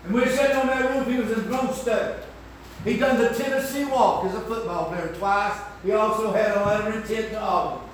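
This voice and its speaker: An older man preaching a sermon, swinging from shouting to hushed storytelling. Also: high-pitched, steady tone, brisk, a little hiss or hum. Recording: echoey room, distant mic.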